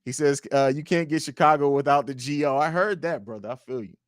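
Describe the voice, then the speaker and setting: A young livestream host talks a little fast in his home studio, working through viewer comments and swearing as he trash-talks on a casual fan stream. He lurches from loud outbursts to quiet mumbling, and the recording is dry.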